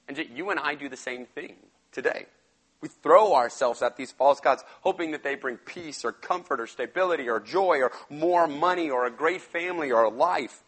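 Animated young man preaching. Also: mid-range voice, moderate pace, slightly rough, rough recording. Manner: animated, slangy, acts out the characters. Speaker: pastor. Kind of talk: casual youth sermon retelling a Bible story.

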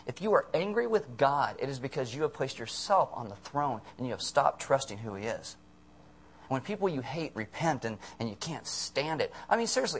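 A man preaching a sermon, animated and jokey, acting out voices and bursting into sudden shouts. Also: a little high, breathy edge. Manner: animated, acts out voices of people and God.

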